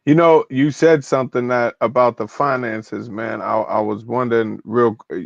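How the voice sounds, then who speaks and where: Gravelly man asking hesitant questions over a dull lo-fi line. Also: mid-range voice, fairly even intonation, moderate pace, dry recording. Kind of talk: casual discussion. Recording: dull lo-fi dry sound.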